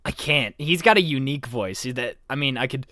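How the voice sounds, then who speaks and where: A young man as a chill, bright skeleton streamer. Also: mid-range voice, lively intonation, brisk, no echo, studio quality. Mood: easygoing. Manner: casual, giggly, self-mocking. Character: laid-back male skeleton fan character. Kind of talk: in-character livestream chat.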